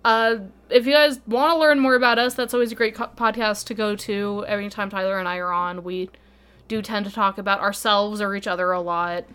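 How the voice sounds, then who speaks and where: A woman's voice: mid-range voice, fairly even intonation, brisk, a bit bright. A woman in her thirties co-hosting a podcast, chatting casually in a giggly, playful way full of "like" fillers. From Utah, USA. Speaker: podcast co-host. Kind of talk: casual chat.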